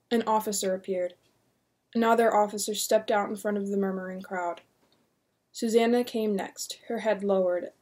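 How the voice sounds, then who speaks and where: A woman reading a horror novel aloud in a steady, measured narration. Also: medium pitch. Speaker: audiobook reader.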